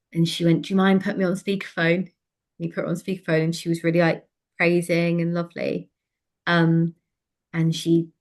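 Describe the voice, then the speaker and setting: A woman telling a personal story in conversation, frank and lively, with many fillers. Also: fairly low pitch. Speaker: interview guest.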